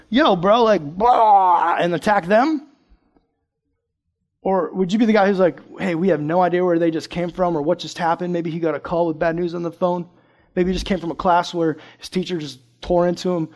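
A young man giving a casual, joking youth sermon, chatty with sudden loud bursts. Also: high voice. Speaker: youth pastor.

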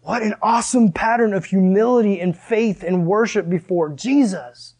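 A man preaching a sermon in a casual, animated way, full of "like" and asides. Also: high voice, moderate pace. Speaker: pastor.

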